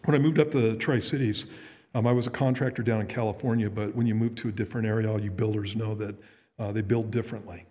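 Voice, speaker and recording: A man's voice: lowish voice, fairly even intonation, quick pace, mellow. A middle-aged man, a pastor, preaching earnestly in a conversational way with frequent restarts. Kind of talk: sermon. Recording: long reverb in a hall.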